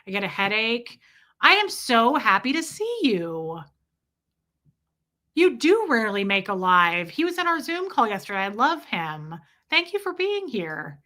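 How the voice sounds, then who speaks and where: A woman's voice: fairly high pitch, sing-song, a little slow, bright, forceful tone. A woman hosting a livestream, chatting casually and rambling with self-mocking humor as she reads viewer comments. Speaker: livestream host.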